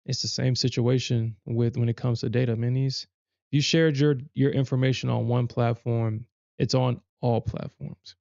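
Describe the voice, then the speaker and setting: Male livestream host, gravelly and dry, rambling with frequent restarts. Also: medium pitch, level tone, moderate pace, darkish tone, no room sound, dull audio. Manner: rambling, many restarts and self-corrections. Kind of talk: casual livestream chat.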